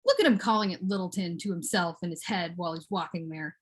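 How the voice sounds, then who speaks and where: A woman giving a performed poetry reading, swinging between high cooing baby talk and low muttered asides. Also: quick pace. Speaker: poet reading her work. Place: at home for an online book launch.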